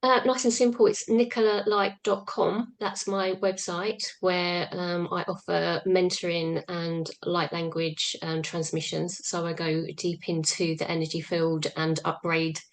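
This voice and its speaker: Low, flat-voiced woman. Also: measured pace, hardly any pauses, a little hiss or hum. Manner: calm and even, with many fillers. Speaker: guest. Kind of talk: casual chat on a video call.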